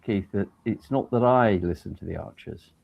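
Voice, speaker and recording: An older man, a judge and guest, telling lively anecdotes in casual chat over a video call. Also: fairly low pitch, moderate pace, creaky, dull audio, a little hiss or hum.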